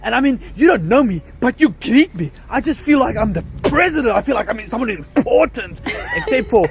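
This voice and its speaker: A man's voice: very high voice, animated, brisk, gravelly. A man talking casually to camera, enthusiastic and emphatic, often laughing.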